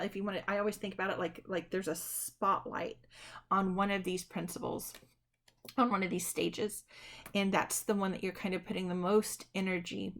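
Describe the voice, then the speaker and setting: A woman teaching a college psychology lecture in a conversational way, often checking in with "right?" and correcting herself mid-sentence. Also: mid-range voice. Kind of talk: recorded online lecture.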